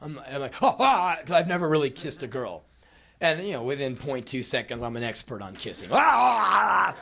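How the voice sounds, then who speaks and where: A man in his twenties doing live spoken word storytelling on a small venue stage, acting out his younger self in quick put-on voices. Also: mid-range voice, a bit bright, a little hiss or hum. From United States. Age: 20s.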